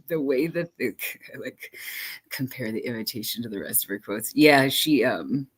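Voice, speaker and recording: A co-host on a live stream rambles in casual chat. The talk is loose and full of laughter and "like". The voice sits at a middle pitch. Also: expressive, measured pace, husky.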